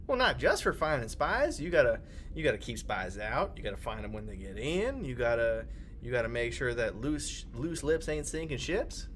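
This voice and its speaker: A woman voicing a lonely, paranoid male security chief with a Pennsylvania accent, talking in a gruff, folksy way. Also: a bass voice, big pitch swings, normal speed, slight background noise, voice pushed down.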